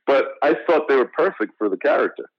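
A man from the United States talks through his career as an interview guest, animated and full of restarts. His voice sits at an ordinary pitch. The audio is dry and a bit dull, like a remote call. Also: quick pace, no room sound. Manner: animated storyteller, many restarts and "you know". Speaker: actor guest. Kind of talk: casual interview storytelling.

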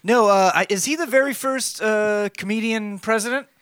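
A man hosting a casual comedy podcast, teasing his co-hosts in quick banter. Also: high voice, fairly bright tone, smooth, dry recording, studio quality. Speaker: podcast host.

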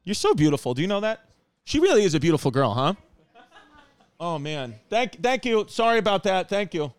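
A man hosting a casual comedic podcast from his apartment, rambling and joking in an animated way. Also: high voice, a little fast, clean tone, no room sound. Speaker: podcast host. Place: home apartment.

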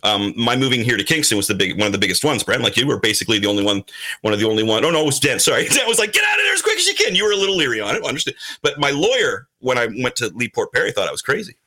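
A man chatting casually on a podcast as a regular, animated and slipping into put-on voices when he quotes people. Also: mid-range voice, very fast. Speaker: show regular, comic publisher.

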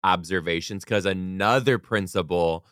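A man with a low, resonant, smooth voice chats casually. He is expressive, and his pitch swings widely as he exclaims and reacts. The sound is dry and close-miked. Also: normal speed, no echo. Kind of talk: casual chat.

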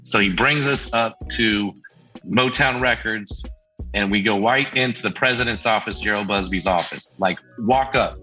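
A man's voice: on the low side, moderate pace, soft background music, rough recording. A middle-aged man telling a story in casual chat, acting out the voices of the people he quotes. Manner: lively, acts out quoted voices. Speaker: band member guest.

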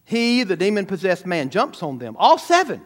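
Pastor, man, high-pitched and animated sermon delivery. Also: moderate pace. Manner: animated preaching, sudden shouts and asides to the congregation.

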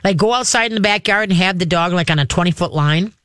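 A man hosting a call-in pet advice radio show, explaining with animated, playful delivery. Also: quick pace, clear, resonant tone, dry recording, clean studio sound. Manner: animated, acts out high playful dog-calling voices.

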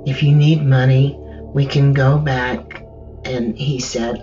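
Woman telling her story real slow and careful, kinda distant and muffled with faint music under it. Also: rumbling low, fairly even intonation, darkish tone. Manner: slow, measured, halting in places. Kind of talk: first-person recollection.

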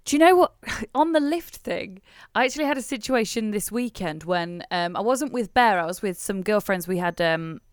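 A woman co-hosting a podcast, reacting with soft sympathy and then telling her own story casually. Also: mid-range voice, expressive, moderate pace, hardly any pauses, smooth, dry recording, clean studio sound. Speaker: podcast co-host. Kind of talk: casual chat.

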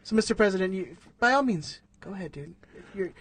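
A man's voice: high-pitched, lively intonation, a little fast, fairly bright tone, slight background noise. A man hosting a podcast in casual chat, laid-back and laughing often, calling people dude. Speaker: podcast host.

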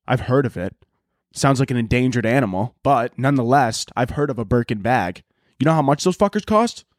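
A man's voice: medium pitch, dry recording, clean studio sound. A man hosting a solo podcast from home, riffing in loose, profane, rambling comic rants. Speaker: podcast host. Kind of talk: casual solo podcast monologue.

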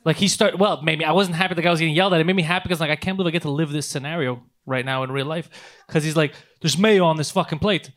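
A man telling a long story in casual podcast chat, swearing often and acting out the people in it. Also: on the high side. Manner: fast, profane, animated storytelling. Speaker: podcast host.

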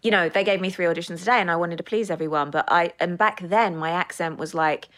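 A woman's voice: lowish voice, quick pace. A woman in her thirties with a British accent, a guest actress chatting and telling stories in a studio interview. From United Kingdom. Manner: animated, storytelling. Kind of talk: casual interview chat.

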